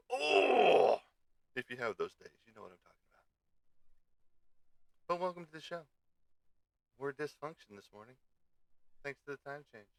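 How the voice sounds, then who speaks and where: Gravelly, frustrated man hosting a stream. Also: medium pitch, sharp tone, no echo. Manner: frustrated, grumbling and swearing at his computer. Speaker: show host. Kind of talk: casual live-stream chat.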